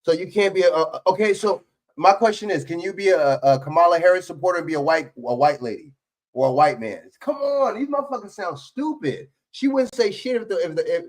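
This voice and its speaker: Blunt, profane male stream host. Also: fairly high pitch. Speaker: livestream host reacting to clips. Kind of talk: casual reaction commentary.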